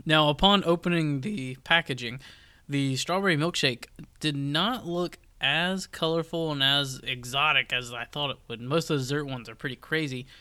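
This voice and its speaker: A young man co-hosting a casual podcast, his voice pitched a little high. He talks in a plain, matter-of-fact way and keeps the show moving along. The recording is dry and close. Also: moderate pace, sharp tone, clear, resonant tone, no room sound. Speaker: podcast co-host. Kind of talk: casual chat.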